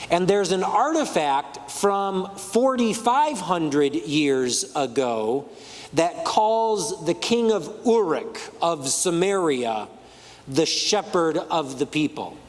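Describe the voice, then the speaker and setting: A male pastor preaching a sermon, measured and deliberate, shifting his emphasis on words for effect. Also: on the high side, animated. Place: church sanctuary. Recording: long church hall reverb.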